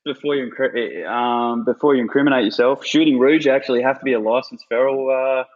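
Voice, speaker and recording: A man's voice: mid-range voice, fairly quick, dull audio. A man with an Australian accent, a podcast guest telling stories casually, swearing freely. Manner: swears freely, animated retelling. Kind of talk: casual storytelling.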